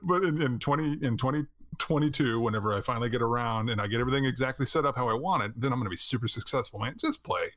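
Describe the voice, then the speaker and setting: Podcast host, thirties man, animated storyteller, mid-pitched, dry close sound. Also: rapid-fire, no room sound. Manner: animated storyteller, laughs often, acts out quotes. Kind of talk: casual chat.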